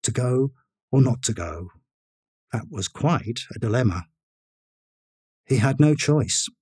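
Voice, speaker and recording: A male storyteller reading a story aloud at a slow, measured pace. His pitch moves expressively while his delivery stays steady. The sound is dry and close, with no room echo. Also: slightly rough. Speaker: narrator. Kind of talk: scripted storybook narration.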